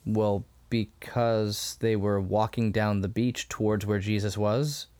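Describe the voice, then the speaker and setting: A man co-hosting a podcast in a casual chat, animated and quick to laugh as he acts out scenes. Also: lowish voice, clean tone. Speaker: podcast co-host. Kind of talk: casual episode discussion.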